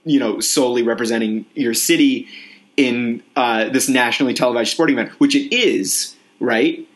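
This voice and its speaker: Rambling, animated young man. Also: medium pitch, normal speed. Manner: rambling, heavy use of filler words; animated storytelling with acted-out quotes. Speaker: podcast co-host. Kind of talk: casual chat.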